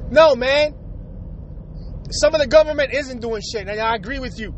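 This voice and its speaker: High-voiced guy ranting and cussing at his viewers, blunt and fired up, faint car noise around. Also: moderate pace, long pauses, poor audio. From United States. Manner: profane, heated, blunt. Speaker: vlogger. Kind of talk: angry rant to camera.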